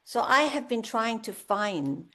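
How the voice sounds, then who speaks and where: In a candid podcast interview, a guest singer in her seventies tells stories and acts out the voices of the people she quotes. Her voice sits a little high, and she speaks at a slow pace.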